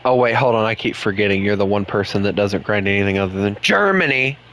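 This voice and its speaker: A man rambling and joking with his friends while he plays a game at home. His voice is bright and forceful. Faint room ambience sits behind him. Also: on the low side, lively intonation, quick pace, a little hiss or hum. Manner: rambling, joking, chatty with teammates. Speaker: gaming streamer. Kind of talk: casual chat while gaming.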